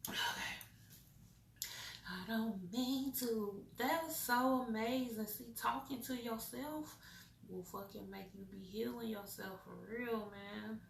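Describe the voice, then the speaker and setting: A woman's voice: a little high, slow, gravelly. A woman doing a casual spiritual card-reading chat, loose and profane, talking to herself. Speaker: intuitive card reader. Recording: roomy echo, distant from mic, faint noise.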